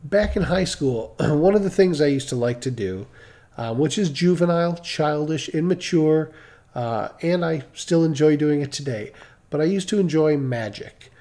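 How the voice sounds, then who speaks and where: A man's voice: fairly high pitch, animated, moderate pace, warm tone. A middle-aged man from Michigan telling a personal story in casual, rambling talk on a live stream, full of restarts and asides.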